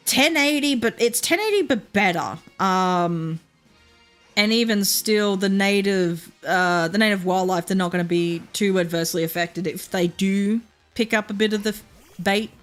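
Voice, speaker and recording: A young woman with a Queensland Australian accent, chatting casually while streaming a game, rambling with lots of fillers and laughs. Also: medium pitch. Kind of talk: casual gameplay chat.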